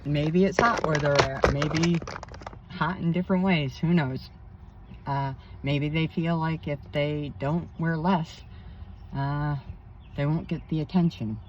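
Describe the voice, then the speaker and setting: A woman's voice: low-pitched, fairly even intonation, slow pace, lo-fi sound, slight background noise. A woman working as a spiritual counselor, talking in a rambling personal vlog outdoors by a pond, emphatic with indignant asides.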